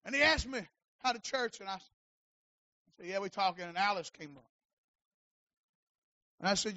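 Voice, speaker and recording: A man preaching a sermon as pastor, shouting out his lines with rising fervor and dropping low between peaks. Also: expressive, moderate pace, long pauses, dull audio.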